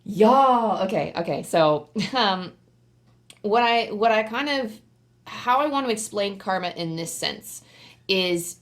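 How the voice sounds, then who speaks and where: In a medium pitch, a woman talks straight to camera during an informal pick-a-card tarot reading. Her delivery is chatty and meandering, packed with "like," and punctuated by occasional squeals of excitement.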